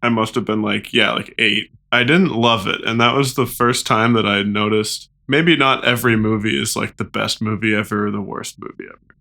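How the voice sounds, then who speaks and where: A man's voice: fairly low pitch, steady tone, normal speed, creaky, hardly any pauses, bright, forceful tone. A man co-hosting a casual film podcast, easygoing and rambling as he tells a story. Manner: easygoing, rambling, laughs along. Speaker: podcast co-host.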